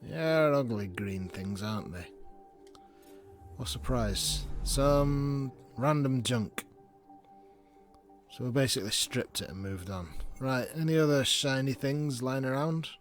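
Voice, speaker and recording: A man's voice: mid-range voice, slow, faint music behind. A man casually commenting on a space game as he plays, chatty and sarcastic, often reading the on-screen text aloud. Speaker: gameplay video host.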